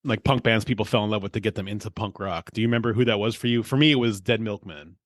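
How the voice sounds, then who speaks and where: A man's voice: fairly low pitch, fairly even intonation, fast, dry recording, clean studio sound. A man hosting a casual podcast chat, easygoing, asking his guest questions. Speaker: podcast host.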